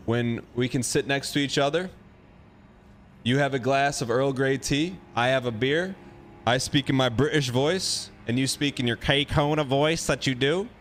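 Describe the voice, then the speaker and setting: A man's voice: mid-range voice, a little hiss or hum. A man hosting a gaming livestream, chatting casually, joking and reading out chat. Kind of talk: casual chat while streaming a game.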